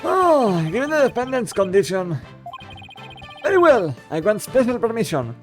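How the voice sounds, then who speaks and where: A man's voice: extremely high pitch, very animated, normal speed, soft background music, pitched above the performer's own voice. A man voicing a fussy, easily flustered old male judge who exclaims a lot.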